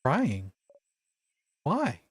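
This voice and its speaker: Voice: wildly swooping pitch, breathy edge, heavily acted. A streamer reading a story game aloud, voicing a cheerful, caring young woman who worries over her friend. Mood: puzzled. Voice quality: high and bright, sing-song. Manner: gentle, fussing, quick to scold in jest.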